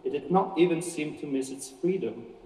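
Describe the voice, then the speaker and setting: A man giving a measured, expressive reading of a story aloud, with occasional slips. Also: fairly high pitch. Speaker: reader. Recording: echoey hall from far off.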